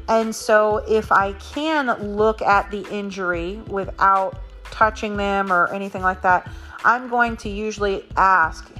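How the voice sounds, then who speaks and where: A woman's voice: mid-range voice, normal speed, a bit bright, soft background music. Earnest woman instructor explaining a protocol. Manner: earnest, explanatory, talks through scenarios. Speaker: martial arts academy instructor.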